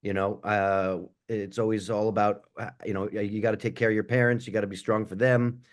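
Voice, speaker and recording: A man on an online panel reflecting earnestly on a personal loss, his sentences trailing off quietly. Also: lowish voice, level tone, brisk. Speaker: panelist, comedian and podcaster.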